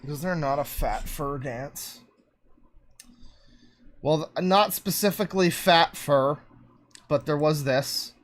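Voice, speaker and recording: A man's voice: a little high, slow pace, pauses often, slight background noise. A man streaming live, reacting to videos with wry, crude, rambling asides.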